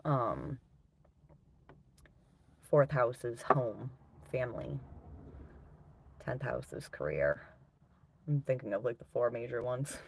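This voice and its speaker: A woman's voice: rumbling low, expressive, slow, vocal fry, pauses often, slight background noise. A woman live streaming, chatting casually with her viewers, laughing often and swearing freely.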